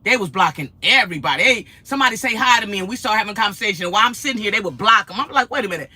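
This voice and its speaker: A woman chats through a casual vlog. Her voice sounds bright and forward, her pitch sits in the middle, and she tells stories in an animated, lively way. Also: rapid-fire, slightly rough, no room sound. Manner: animated, laughs often, acts out quotes. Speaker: vlogger. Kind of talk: casual chatty storytelling.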